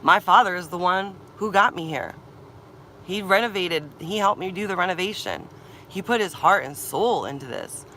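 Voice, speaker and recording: Upset young woman ranting, bright voice. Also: fairly low pitch, lively intonation, moderate pace, a little hiss or hum. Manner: upset, ranting, swearing, repeating herself. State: tearful and agitated. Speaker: vlogger. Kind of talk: emotional venting vlog. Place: camper van or campsite.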